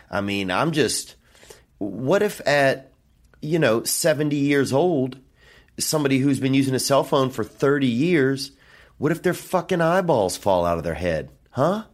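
A man hosting a solo podcast from a hotel room, rambling and meandering through his thoughts with frequent fillers and casual profanity. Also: mid-range voice. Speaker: podcast host.

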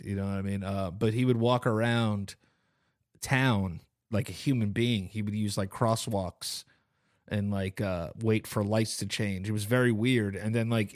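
Profane, joking man co-hosting a podcast. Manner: loose and profane, slips into goofy high voices for impressions. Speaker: podcast co-host. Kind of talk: casual chat.

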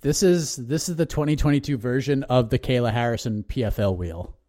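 A man co-hosting a casual podcast, talking in animated bursts and ranting with excitement. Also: medium pitch, brisk. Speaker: co-host.

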